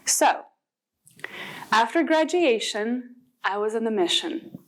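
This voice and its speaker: Slow, high-voiced woman giving a motivational talk. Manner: expressive, rhetorical questions, deliberate pauses. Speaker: English teacher educator. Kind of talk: motivational speech.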